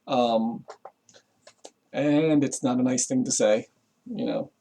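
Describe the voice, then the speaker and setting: A man's voice: mid-range voice, slow pace, dark tone. A man giving a rambling, casual explanation to camera, full of fillers and swearing, chuckling as he goes. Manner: rambling, profane, chuckles often, lots of fillers. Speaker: vlogger.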